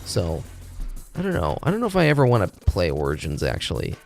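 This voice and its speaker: A man chatting casually on a live stream, ranting loudly with constant swearing and jumping between topics. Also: low-pitched, brisk, faint music behind. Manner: profane ranting, animated.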